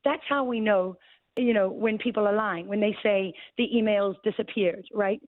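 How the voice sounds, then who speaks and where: A mid-pitched woman who is a guest on talk radio makes her case with urgent emphasis. Her voice comes over a narrow, phone-like line with a dry, close sound. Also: moderate pace, no room sound. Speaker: guest journalist.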